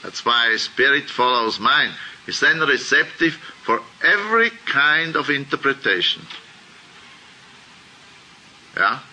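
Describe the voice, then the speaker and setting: Slow, halting man giving a spiritual talk. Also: medium pitch, sing-song, pushed and bright, a little hiss or hum, rough recording. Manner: slow, halting, searching for words. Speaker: spiritual teacher. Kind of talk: lecture to a group.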